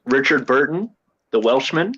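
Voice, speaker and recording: A man's voice: medium pitch, lively intonation, normal speed, a bit bright, slightly rough, highs cut off. A man chatting as co-host of a movie watch-along, making dry, questioning remarks. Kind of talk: casual banter.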